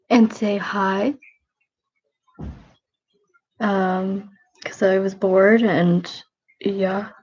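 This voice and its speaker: A woman in her twenties chatting casually on a livestream, sniffly and tired, rambling in a low-key, self-deprecating way. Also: highs cut off. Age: 20s.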